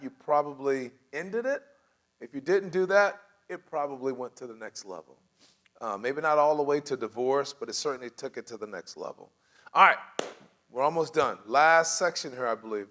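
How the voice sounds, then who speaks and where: A man leads a church class in a relaxed, conversational way. His voice sits a little high, and he keeps it animated, slipping into quoted back-and-forth and laughing along the way. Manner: animated, acts out quoted dialogue, laughs often. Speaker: church teacher. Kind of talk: casual teaching talk. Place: church room.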